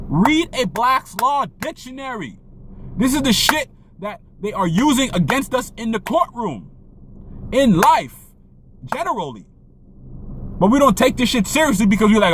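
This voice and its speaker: A young man preaches his point in a fast, profane rant, circling back on his words and firing off rhetorical questions. His voice sits high and swings widely up and down. Faint noise hums behind him. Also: very animated, a bit bright. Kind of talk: impassioned monologue rant.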